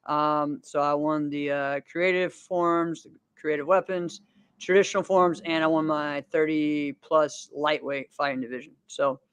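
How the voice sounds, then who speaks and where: Upbeat rambling man with smooth voice. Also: on the high side, little pitch movement, measured pace, fairly bright tone, dry recording. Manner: rambling, upbeat, laughs often, many fillers. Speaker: podcast host and martial arts competitor. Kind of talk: casual chat.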